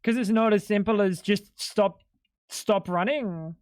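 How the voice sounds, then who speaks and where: Male game streamer, high voice, dry close sound; blunt, exasperated, cusses casually. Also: measured pace, a little mellow, clean tone, dry recording. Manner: blunt, exasperated explaining, swears freely. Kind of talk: casual livestream chat while gaming.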